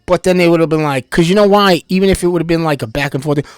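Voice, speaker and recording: A man from New Jersey giving an animated, rambling personal monologue, swearing freely. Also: a little high, very fast, smooth, no echo, studio quality. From Bayonne, New Jersey. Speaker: vlogger.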